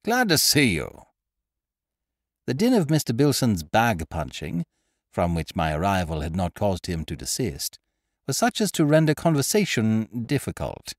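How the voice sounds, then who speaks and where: A man narrating a classic story as a podcast host, with expressive, scripted storytelling on a studio microphone. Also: lowish voice, normal speed, no echo.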